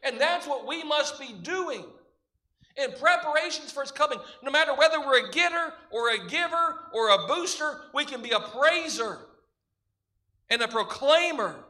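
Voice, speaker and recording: A man's voice: very high-pitched, expressive, moderate pace, bright, forceful tone. A man preaching a sermon as pastor, emphatic, building his points through repeated parallel phrases.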